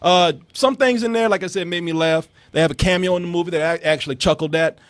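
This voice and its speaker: A man hosting a casual movie review chat, ranting in a profane, animated way. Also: high-pitched, fast, dry recording. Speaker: movie review show host.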